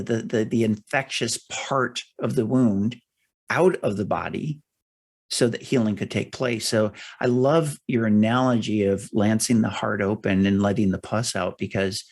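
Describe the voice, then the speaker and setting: A middle-aged man hosting an interview podcast, explaining ideas in a measured, thorough way. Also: on the low side. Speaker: podcast host. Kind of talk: interview conversation.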